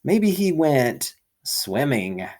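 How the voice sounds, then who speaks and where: A man's voice: medium pitch, sing-song, drawn-out words, a little mellow, voice pushed up. Man doing a wheedling tempter. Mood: sly. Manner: wheedling, salesman-like. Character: sly fast-talking male tempter.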